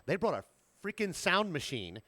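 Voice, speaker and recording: A man co-hosting a podcast, telling restaurant server stories in a casual, animated way and acting out his customers. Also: high voice, normal speed, dry recording. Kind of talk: casual storytelling chat.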